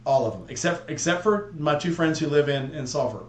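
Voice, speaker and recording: A man's voice: on the high side, animated, fairly quick. Joking man telling rambling stories. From southeast Texas near the Louisiana border. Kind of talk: casual chat. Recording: echoey room, faint hum.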